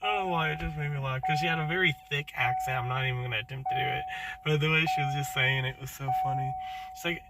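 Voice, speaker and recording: A man's voice: fairly high pitch, big pitch swings, fast, noisy background. A man talking casually as a delivery driver, chatty and amused, often laughing as he tells his stories. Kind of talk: casual vlog narration. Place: in a car and walking between stops.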